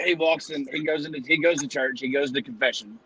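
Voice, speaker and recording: A man's voice: a little high, brisk, a bit bright, breathy edge, poor audio. A man telling a long joke in casual chat, rambling and acting out the characters' voices. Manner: rambling storyteller, acts out voices.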